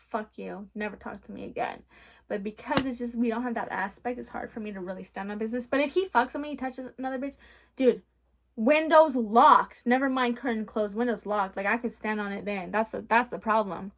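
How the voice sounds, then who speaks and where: A young woman vlogger telling a storytime rant in a blunt, profane, animated way. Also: fairly high pitch, fast, gravelly.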